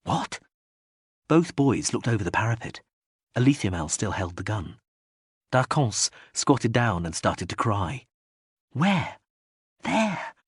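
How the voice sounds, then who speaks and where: Male audiobook narrator, husky and dry, measured reading with animated pitch. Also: dry recording. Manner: measured reading, acts out quoted speech in raised voices. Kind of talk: scripted narration.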